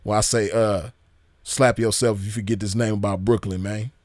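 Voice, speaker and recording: A man hosting a gaming channel, chatting casually in an excited, slangy, profane way and repeating himself often. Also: lowish voice, moderate pace, dry recording. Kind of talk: casual chat.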